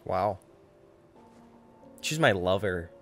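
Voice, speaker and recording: A man's voice: low-pitched, extremely slow, soft background music. Young guy streaming a game, jokey reactive chatter, voice jumping around a lot. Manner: animated, reactive, joking. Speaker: gaming streamer. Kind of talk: let's play commentary.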